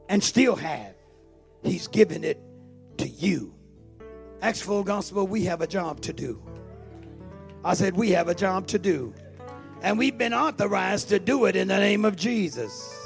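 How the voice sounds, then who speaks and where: A man preaching a sermon, swinging between hushed asides and shouted, sing-song emphasis. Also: high voice, lively intonation, a little slow, creaky, long pauses, soft background music. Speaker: pastor.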